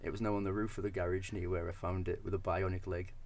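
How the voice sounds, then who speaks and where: Deadpan young man telling a tall tale. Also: low voice. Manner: deadpan, halting with restarts. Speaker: podcast co-host. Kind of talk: deadpan comic storytelling.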